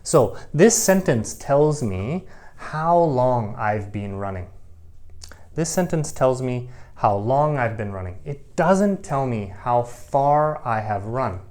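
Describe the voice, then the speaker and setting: A man's voice: mid-range voice, animated, slow pace, a little mellow. A middle-aged man teaching English grammar to camera, explaining patiently and repeating key phrases.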